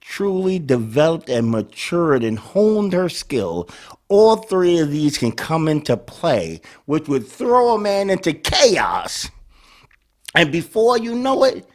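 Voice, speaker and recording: Male host, casual talk, lively swinging delivery. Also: on the high side, slow. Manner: animated, acts out dialogues. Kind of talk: casual commentary.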